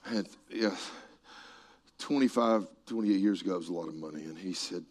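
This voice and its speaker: A middle-aged man preaching a sermon and telling stories, moving between quiet passages and shouted peaks. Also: deep voice, moderate pace. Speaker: pastor. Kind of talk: sermon storytelling.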